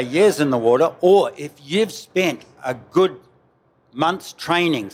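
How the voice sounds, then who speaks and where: A man, relaxed and anecdotal, answering questions about spearfishing with a story. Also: mid-range voice. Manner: relaxed, anecdotal, casual mild swearing.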